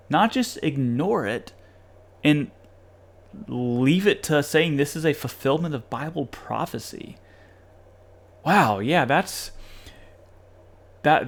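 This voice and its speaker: A man hosting a podcast, reading passages aloud and commenting in an animated, sarcastic way with occasional laughs. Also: a little high. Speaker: podcast host reviewing a study article.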